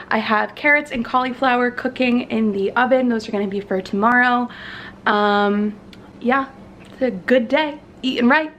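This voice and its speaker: Woman vlogger, bright high voice, chatty day-in-the-life narration, a faint hum behind. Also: poor audio. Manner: chatty, rambling, self-narrating. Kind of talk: casual vlog chat.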